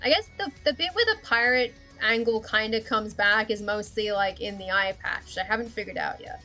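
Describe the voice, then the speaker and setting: A woman's voice: medium pitch, normal speed, pushed and bright, soft background music. A woman chatting casually on a livestream while she draws, rambling, thinking aloud and often giggling. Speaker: streamer.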